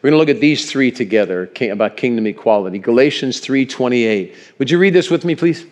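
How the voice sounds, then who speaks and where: A male pastor preaching a sermon in a church, animated and chuckling, calling for amens from the congregation. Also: mid-range voice, fairly quick. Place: church sanctuary. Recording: long reverb in a church hall.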